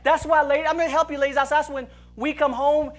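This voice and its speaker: Man, pastor, high-pitched, humorous sermon, laughing often, mimics voices, church service. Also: level tone, fast, faint music behind. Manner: playful storytelling with frequent laughter and voice imitations.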